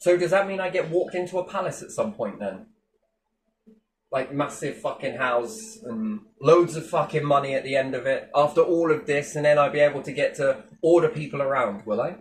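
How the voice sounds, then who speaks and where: A man's voice: a little high, moderate pace. A man delivering a mocking, sweary monologue with big sarcastic swings in tone.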